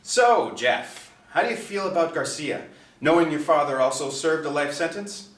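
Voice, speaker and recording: A man's voice: on the high side, lively intonation, moderate pace, fairly bright tone, pitched above the performer's own voice. A man voicing a pushy, needling veteran entertainment journalist in a storybook reading. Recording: echoey, distant mic.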